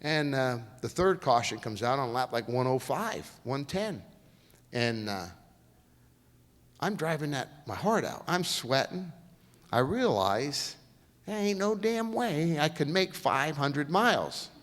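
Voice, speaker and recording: This middle-aged man's fairly high voice moves at a slow pace as he tells folksy stories as a guest lecturer. Lively, he acts out quoted voices, and the lecture hall sounds reverberant.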